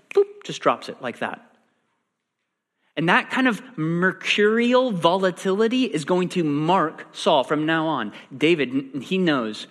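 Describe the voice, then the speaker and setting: Man preaching in a big echoey hall. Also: a little high. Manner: animated, acts out quoted lines. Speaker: pastor. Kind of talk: sermon. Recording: long reverb in a large hall.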